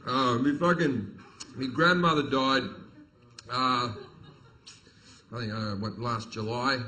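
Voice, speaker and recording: A man with an Australian accent doing a stand-up comedy set, telling crude, profane stories and punching up the jokes loudly. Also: mid-range voice, fairly even intonation, slow, a little hiss or hum, rough recording. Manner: crude, profane, storytelling delivery with sudden loud punchlines. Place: comedy venue stage with audience.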